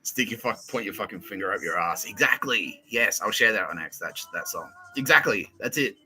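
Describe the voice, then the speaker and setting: Crude, lively podcast man. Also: on the low side, a little fast, low-quality recording. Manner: swears a lot, mimics people in quoted asides, laughs often. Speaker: podcast host. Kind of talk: crude comedic podcast banter.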